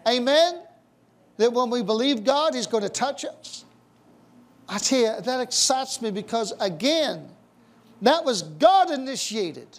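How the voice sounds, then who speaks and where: A man's voice: very high-pitched, expressive, measured pace. A male pastor leading a charismatic church service, fervent and punctuating his talk with amens and hallelujahs.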